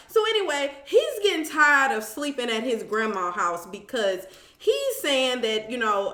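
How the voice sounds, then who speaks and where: Chatty woman recapping reality tv, bright sharp voice, echoey room. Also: fairly high pitch, unhurried. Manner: animated storytelling, acts out quotes, sassy asides. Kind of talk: casual chat recap.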